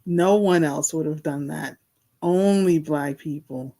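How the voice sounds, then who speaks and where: Unhurried podcast co-host, brief replies. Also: mid-range voice, mellow. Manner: slow, short reactive replies. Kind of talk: casual chat.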